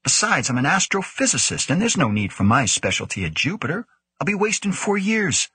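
A man's voice: fairly high pitch, sing-song, a little fast, bright, forceful tone, husky, no echo, pitched above the performer's own voice, full character voice. A man reading the lines of a young male scientist who is pleading and frustrated.

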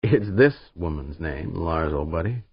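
A man's voice: sits low, lively intonation, a little slow, breathy edge, no room sound, muffled recording, full character voice. A man voicing a brash, joking woman spaceship pilot who talks bluntly and in slang, read in an audiobook. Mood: teasing.

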